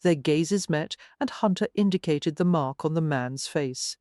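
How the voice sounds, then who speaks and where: This is a measured, even scripted reading of a romance novel by an audiobook narrator. The voice sits in the mid-range, and the recording is studio quality with no echo.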